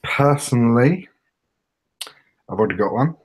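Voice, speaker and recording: A man's voice: medium pitch, lively intonation, a little slow, breathy edge. A British man co-hosting a casual podcast, dry and teasing. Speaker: podcast co-host. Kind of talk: casual chat.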